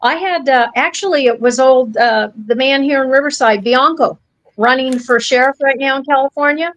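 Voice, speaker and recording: High-voiced blunt American woman storyteller. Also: moderate pace, no echo, rough recording. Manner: blunt, folksy, acts out quoted voices. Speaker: podcast co-host. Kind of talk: casual storytelling chat.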